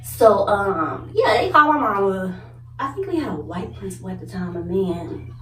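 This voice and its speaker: A young woman vlogger telling a story in casual chat, animated, cursing and acting out the people in it. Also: medium pitch, moderate pace, slight background noise. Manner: animated, swearing, laughing, acts out others' voices. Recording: echoey room, mic at a distance.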